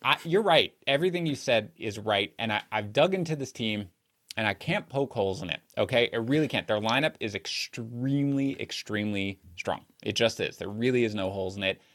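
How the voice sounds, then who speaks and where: A man's voice: on the low side, lively intonation, a little fast, fairly bright tone. A man co-hosting a sports betting podcast, talking casually and analytically, laughing easily between points.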